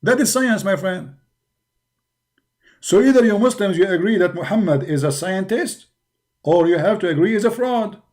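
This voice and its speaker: A man's voice: high-pitched, animated, moderate pace, long pauses, darkish tone. A man hosting a livestream who argues in broken English, keeps calling his listeners brother, and speaks in a tired, mocking tone. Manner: mocking, argumentative. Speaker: livestream host. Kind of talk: livestreamed religious critique talk.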